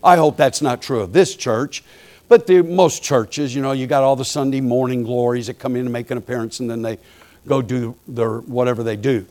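A male preacher telling a humorous story from the pulpit, quiet and folksy one moment and loud and fired up the next. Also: mid-range voice, steady tone, moderate pace. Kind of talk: storytelling sermon.

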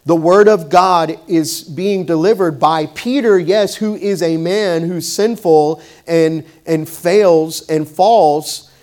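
A man's voice: a little high, takes it slowly, hardly any pauses, darkish tone. A man preaching a sermon in a conversational way, telling a personal story with many fillers and restarts. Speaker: pastor.

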